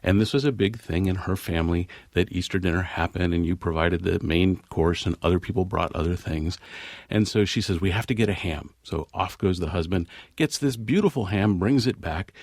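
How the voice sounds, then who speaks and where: A man's voice: low voice, a little mellow, no room sound, clean studio sound. A man, a marital therapist, speaking as a radio guest, telling stories earnestly. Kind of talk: radio interview, storytelling.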